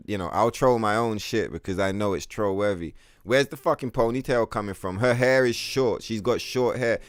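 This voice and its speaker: A man streaming a video game, chatting casually with his viewers in a profane, animated rant. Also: fairly low pitch, no echo. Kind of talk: casual live-stream chat.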